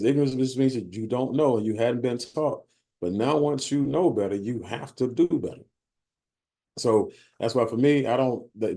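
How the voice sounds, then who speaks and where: A man with a somewhat low, warm and mellow voice delivers a blunt motivational sales talk to a live group. He speaks in a streetwise, repetitive way, stumbling over his words and tagging his points with "right?". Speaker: sales team leader speaking at a bootcamp.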